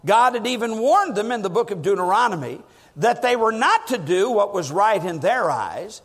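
A man's voice: expressive, moderate pace, fairly bright tone, husky. Fervent preacher man in an echoing hall. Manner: emphatic, rising to stressed words and dropping low. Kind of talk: sermon. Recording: long reverb of a large hall.

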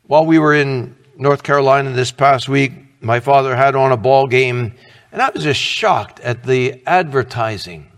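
A man's voice: medium pitch, moderate pace, big-room sound. A middle-aged man preaching a sermon as pastor, earnest and conversational, asking the congregation questions.

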